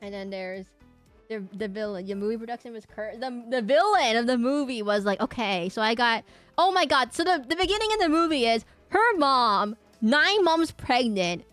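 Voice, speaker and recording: A woman's voice: on the high side, no echo. A woman streamer chatting casually with her live audience, rambling with lots of fillers and restarts.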